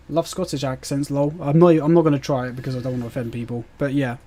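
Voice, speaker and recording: A man's voice: medium pitch, flat delivery, brisk, dark tone. A British man streaming a game live, chatting and rambling as he answers his chat with fillers and laughs. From Britain. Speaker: gaming streamer.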